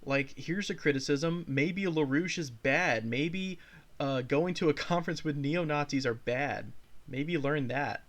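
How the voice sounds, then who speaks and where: A man's voice: a little high, measured pace, a bit bright. Sarcastic man reacting to a video. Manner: sarcastic, profane, addresses viewers directly. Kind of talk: casual reaction commentary.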